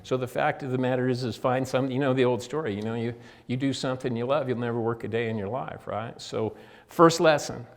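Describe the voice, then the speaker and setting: In a prison meeting room, an older man gives a motivational talk as a guest speaker. His voice is medium in pitch and a little fast as he tells folksy stories, acts out quoted dialogue and speaks straight to his listeners.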